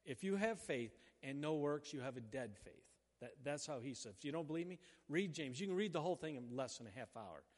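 A middle-aged man preaching a sermon in a conversational way, acting out prayers in quick asides. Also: a little high, animated. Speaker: pastor. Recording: hall reverb.

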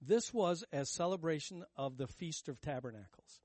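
A male pastor preaching in an emphatic, conversational way, often asking his listeners questions. His voice sits a little high for a man. The sound is dry and close, with little room echo. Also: animated, moderate pace, a little mellow. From United States. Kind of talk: sermon.

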